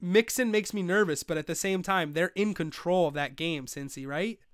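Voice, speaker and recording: A young man hosts a live-streamed fantasy football show, his high voice at normal speed with no echo and studio quality. He rants in frustration, swears and stays excitable throughout the casual commentary.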